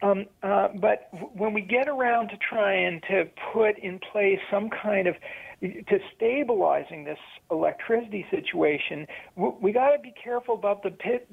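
Hesitant male phone-in guest, raspy and gravelly. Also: sits high. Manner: hesitant, many restarts and fillers. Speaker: studio guest, energy commentator. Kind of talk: radio talk commentary. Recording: phone line.

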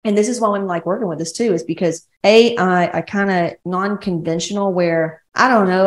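Southern georgia lady podcasting solo, cusses a lot, lowish voice, echoey room. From West Georgia, US. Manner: blunt, profane, rambling. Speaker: podcast host, women's coach. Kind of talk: casual solo podcast monologue.

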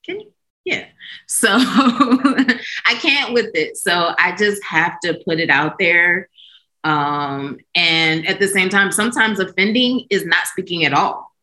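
A woman's voice: lowish voice, takes it slowly, low-quality recording. A woman speaking openly and animatedly in a casual podcast chat. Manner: open, animated, emphatic storytelling.

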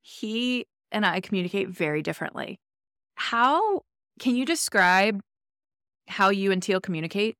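A woman's voice: mid-range voice, expressive, unhurried, fairly bright tone, smooth, no echo, studio quality. A woman hosting a podcast, asking thoughtful questions in a conversational way. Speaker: podcast host. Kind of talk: casual interview talk.

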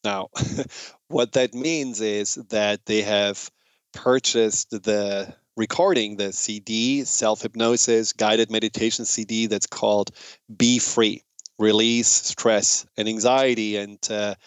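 A man with a German accent hosting a radio talk show, speaking in a relaxed, conversational way with fillers and restarts. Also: lowish voice, slow, clean tone, dry recording.

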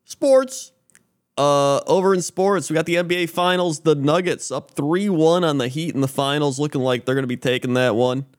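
A man's voice: a little high, steady tone, fairly quick, few pauses. A man co-hosting a podcast, reading mock sports and news segments in a casual, laughing way. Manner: laughs often, reads news items aloud with stumbles. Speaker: podcast co-host.

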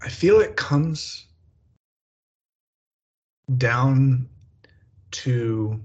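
A man hosting a podcast, answering in slow, halting, reflective phrases. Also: medium pitch. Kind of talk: reflective conversation. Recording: dull lo-fi sound.

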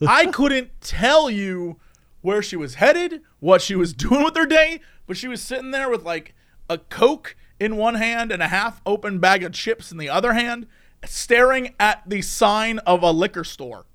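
Animated, high-voiced man telling a story. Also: unhurried. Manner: animated, laughs often, acts out voices. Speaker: podcast storyteller. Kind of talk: casual storytelling chat.

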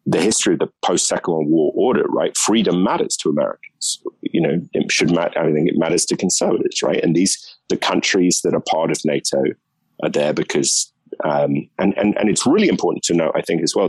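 Husky, deep-voiced British man. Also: animated, brisk, darkish tone, no echo, low-quality recording. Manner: emphatic and opinionated, thinking aloud. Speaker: guest commentator. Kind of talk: conversational political discussion.

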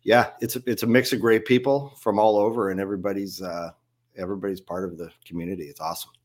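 A man's voice: on the low side, steady tone, quick pace. A man guesting on a fan podcast over a video call, chatting in a friendly way and tagging his remarks with "right?". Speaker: fan club president guest. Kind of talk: casual chat.

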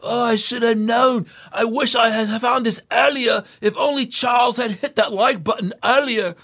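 A man putting on a gushing high-voiced fan. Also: steady tone, moderate pace, full character voice. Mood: overjoyed. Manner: gasping, high and shouting. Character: overjoyed male fan with a vague foreign accent.

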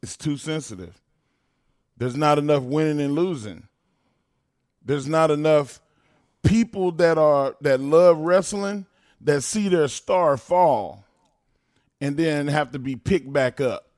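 A man with a slightly high voice talks fast and preachy, working himself up into loud bursts. The sound is close and dry, with no room around it. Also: dry recording. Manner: fired-up, preachy, bursts into loud animated rants. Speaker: podcast co-host. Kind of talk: casual chat.

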